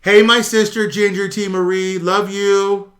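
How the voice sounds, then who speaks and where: A man's voice: high voice, little pitch movement, measured pace, a bit bright. A middle-aged man, ranting bluntly and with profanity on his own live stream while answering viewers. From United States. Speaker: YouTube currency commentator. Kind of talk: casual livestream rant.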